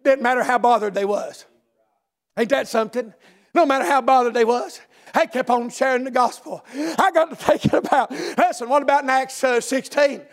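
A man preaching a fervent revival sermon, shouting in rhythmic bursts punctuated by amens. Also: extremely high pitch, fairly even intonation, a little fast. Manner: shouting, rhythmic call-and-response with frequent amens.

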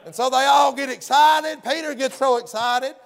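A man's voice: very high-pitched, fairly even intonation, normal speed, creaky. A man preaching a folksy sermon, often hollering and acting out the story's characters.

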